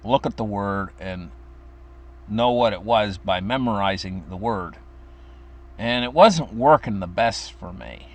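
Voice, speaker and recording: A man's voice: lowish voice, measured pace. A man in his fifties from the United States, telling a childhood story in a meandering, chuckling way. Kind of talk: casual personal storytelling.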